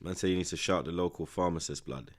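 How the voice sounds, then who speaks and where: A young man, chatting casually in street slang and reacting live to a football match. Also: low-pitched. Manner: animated, street slang, frequent tag questions. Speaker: streamer.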